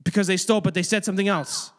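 A man's voice: high voice, steady tone, racing, a bit bright. A man speaking as a youth pastor, giving a casual, joking sermon to kids and often saying "like". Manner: chatty, joking, many filler "like"s; addresses and manages kids in the room. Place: youth group room with children.

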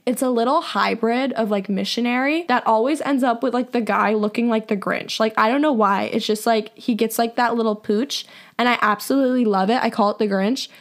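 A young woman hosting a podcast and telling a personal story in a casual, animated way, full of "like" fillers. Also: a little high, fairly quick. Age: young adult. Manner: chatty, heavy on "like" fillers; animated, acts out quoted voices. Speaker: podcast host.

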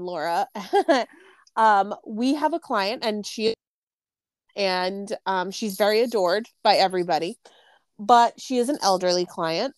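A woman's voice: medium pitch, dry recording. A woman co-hosting a podcast, telling a story in rambling casual chat with laughing asides. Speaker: podcast co-host.

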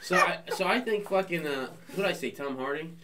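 A man's voice: on the high side, animated, brisk. A man hosting a podcast, chatting casually, joking and swearing, sometimes doing silly voices. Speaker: podcast host. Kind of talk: casual chat. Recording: distant mic with faint background noise.

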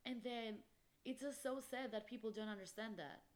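A woman's voice: fairly high pitch, moderate pace. A young woman hosting a solo podcast, talking emphatically and passionately, with lots of "literally" and "like". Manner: emphatic, impassioned, peppered with "literally" and "like". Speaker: podcast host.

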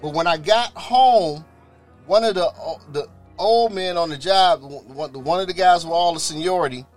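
A man's voice: a little high, normal speed, soft background music. A man casually telling a personal testimony, acting out other people's voices and often repeating or restarting words. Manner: animated, acts out others' voices in quoted dialogue. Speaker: storyteller sharing a personal testimony.

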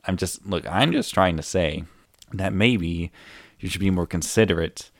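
A man's voice: deep voice, unhurried, no room sound, studio quality. A young man co-hosting a comedy podcast, rambling through joking mock bickering full of fillers. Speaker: podcast co-host. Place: indoor room, hosts facing each other.

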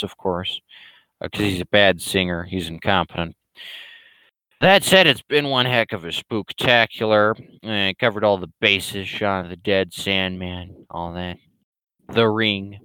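A man rambling through a casual livestream Q&A in a dry, sarcastic tone. His voice sits low and sounds smooth and clear. It is recorded close and dry, with no room around it. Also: sharp tone, no room sound, poor audio. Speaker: webcomic creator hosting a Q&A stream.

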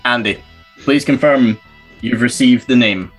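Man, game host, relaxed chatty explanations, mid pitch. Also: a little slow, faint music behind, rough recording. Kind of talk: casual game hosting.

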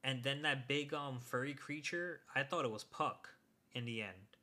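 A young man chats loosely with a friend about an episode he just watched. His voice is bright and forceful. He swears and climbs high when he gets worked up. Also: moderate pace. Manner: excitable, swears, rises sharply when worked up. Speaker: podcast co-host. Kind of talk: casual chat recapping an anime episode.

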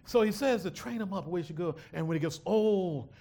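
A male preacher delivering a sermon with a high, lively voice that dips into quiet asides and then climbs to shouts. He jokes and banters with the congregation between points. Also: brisk, creaky. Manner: dramatic swings from hushed to shouting, teasing congregation. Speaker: pastor.

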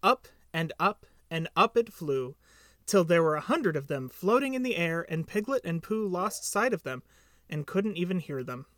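A man narrating a storybook aloud in an expressive, lilting reading. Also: fairly high pitch, normal speed, no echo, clean studio sound. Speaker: reader.

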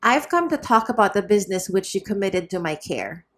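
A woman's voice: medium pitch, big pitch swings, fairly quick. A woman voicing an astute, contemptuous young male Dominican friar who speaks with disdain. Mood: disdainful.

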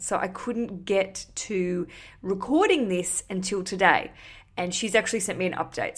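A woman from Australia, hosting a podcast in a chatty, animated way. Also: mid-range voice. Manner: chatty, animated, swears casually. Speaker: podcast host. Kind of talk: casual podcast chat.

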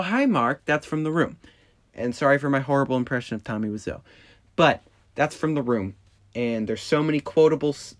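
A young man hosting a casual solo podcast, rambling and apologetic, with many restarts. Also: medium pitch. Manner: rambling, self-deprecating, with fillers and restarts. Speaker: podcast host.

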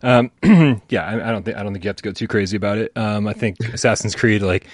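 A man's voice: on the low side, fairly even intonation, quick pace, no room sound, clean studio sound. A man co-hosting a casual gaming podcast, talking frankly and wryly with frequent restarts. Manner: rambling, restarts, frank and wry. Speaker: podcast co-host.

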